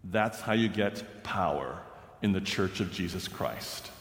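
A man voicing a very old, stern male church official who speaks slowly and gravely. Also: deep voice, lively intonation, echoey room, big-room sound, a little hiss or hum, voice pushed down. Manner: slow, grave, measured.

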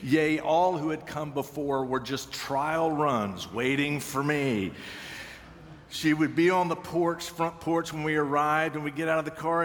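A man's voice: on the high side, sing-song, a little slow, fairly bright tone. Wry male preacher in a reverberant hall. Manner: wry storytelling, acts out quoted voices. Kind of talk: sermon. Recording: long reverb of a large hall.

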